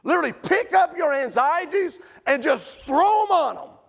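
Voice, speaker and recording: High, gravelly-voiced man preaching. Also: animated, normal speed. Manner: impassioned preaching, dropping to hushed pleading. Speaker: pastor. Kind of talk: sermon. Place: church sanctuary.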